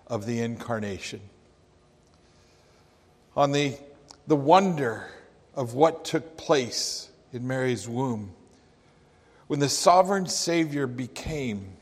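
A male preacher delivers his sermon at an unhurried, measured pace, building from a personal story to a string of rhetorical questions. His voice sits at an ordinary middle pitch. A long, lingering reverb trails every phrase, as in a large room.

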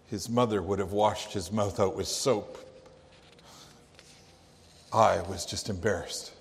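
A man acting as a grieving Jewish father in a dramatic first-person monologue, telling it in a slow, halting, hushed way. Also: fairly low pitch, steady tone, vocal fry. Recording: long echoey hall reverb.

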